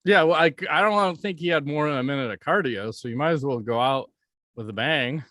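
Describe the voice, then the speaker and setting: A man's voice: fairly high pitch, brisk, bright, forceful tone. A man co-hosting a podcast in casual chat, talking bluntly with plenty of swearing and jokes. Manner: blunt, profane, joking. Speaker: podcast co-host.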